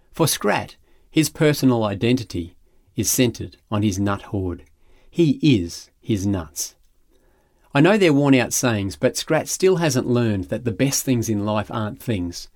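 A man preaching a sermon, telling a story with drama and reading scripture aloud, pausing for effect. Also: on the low side, dry recording, clean studio sound. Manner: expressive storytelling with dramatic pauses. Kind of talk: sermon mixing film recap and scripture reading.

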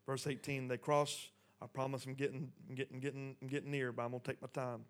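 A man preaching a sermon, talking conversationally, dropping soft and then building up. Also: medium pitch, flat delivery, fairly quick. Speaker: pastor.

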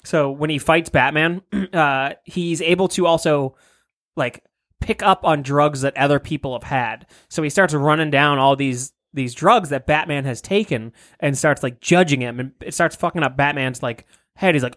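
A man's voice: fairly high pitch, normal speed, a bit bright. A man hosting a casual podcast, rambling about comics with frequent laughs and swearing. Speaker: podcast host.

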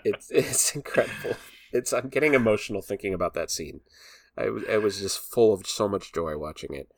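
A man with a very low voice, talking loosely in a movie review chat. He rambles and restarts, laughing as he goes. The sound is dry and close, with no room around it. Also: a little fast, no echo.

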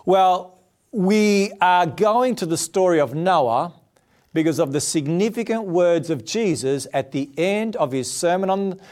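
A middle-aged man, a pastor telling a lively personal story in a sermon before turning to prayer. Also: unhurried. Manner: animated storyteller, voices quotes with big pitch jumps.

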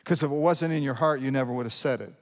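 Middle-aged pastor preaching in a reverberant hall. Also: male voice, medium pitch. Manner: conversational preaching with repeated restarts, slows down to read verses. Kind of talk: sermon. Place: church sanctuary.

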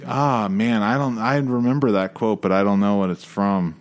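A man hosting a casual movie trivia game, animated and quick to laugh and swear. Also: fairly low pitch. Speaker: podcast host running a movie trivia game. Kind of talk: casual chat.

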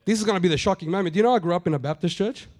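A middle-aged man delivers a sermon in a raised, light pitch. He talks to the congregation conversationally, stumbling into asides, then drives points home by saying them twice. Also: very fast, darkish tone. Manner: conversational preaching, repeats phrases for emphasis, acts out quotes. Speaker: pastor.

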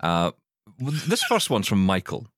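A man's voice: lowish voice, huge pitch swings, measured pace, a bit bright, dry recording, clean studio sound. A Scottish man co-hosting a podcast, chatting casually and reading listener emails aloud, stumbling over words and laughing. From Scotland. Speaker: podcast co-host. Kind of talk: casual chat.

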